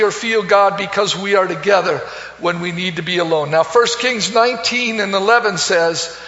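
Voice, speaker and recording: A man preaching a sermon, swinging between soaring loud calls and hushed low phrases and repeating words. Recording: echoey hall, dull lo-fi sound.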